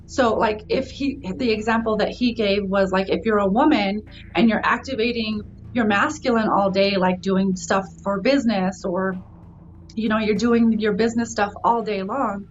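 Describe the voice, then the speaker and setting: A young woman reading oracle cards in a casual chat, enthusiastic and quick to exclaim. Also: medium pitch, steady tone, muffled recording, a little hiss or hum. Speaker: co-host, card reader.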